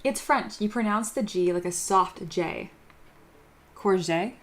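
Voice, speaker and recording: A woman's voice: mid-range voice, normal speed. A woman hosting a sculpting livestream, chatting casually and reading viewer comments aloud with self-deprecating humor. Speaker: livestream host sculpting 3D models. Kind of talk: casual livestream chat while working. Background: soft background music.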